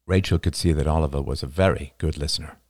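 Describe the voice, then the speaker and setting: A man narrating a novel as an audiobook, in an expressive storytelling manner. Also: rumbling low, fast talker, no echo, clean studio sound.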